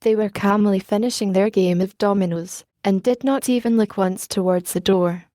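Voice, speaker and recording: Lady reading an audiobook, mellow dark voice, dry close sound. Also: medium pitch, steady tone, moderate pace, no room sound. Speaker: audiobook narrator. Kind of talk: audiobook narration.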